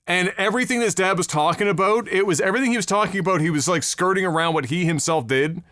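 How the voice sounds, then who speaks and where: A man in casual podcast chat whose voice sits fairly high. He talks bluntly and profanely, pressing his points with emphasis. The sound is dry, with no room around it. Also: fast, a bit bright, no room sound. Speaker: podcast co-host.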